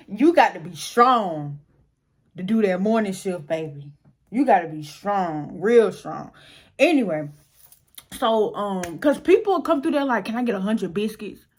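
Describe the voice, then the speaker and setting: A young woman vlogger telling a casual storytime tale, animated and slangy, acting out the people in it. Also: mid-range voice, takes it slowly, pauses often, slightly rough. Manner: animated, slangy, acts out voices.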